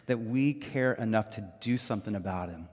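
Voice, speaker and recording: A man preaching a sermon as pastor, talking in a loose, conversational way with lots of fillers and lively storytelling. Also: lowish voice, moderate pace, husky, long reverb tail.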